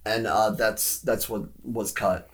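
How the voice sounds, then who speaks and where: A man's voice: fairly low pitch, steady tone, slow pace. Man, podcast co-host, easygoing film chat, loose and rambling, filler-heavy. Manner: rambling, heavy use of "like", frequent restarts. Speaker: podcast co-host discussing films. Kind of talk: casual chat.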